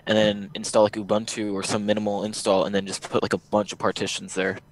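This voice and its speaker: A man with a low voice chimes into a tech chat over a video call. He jokes a lot and reacts with animated remarks. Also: quick pace, rough recording. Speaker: call-in participant.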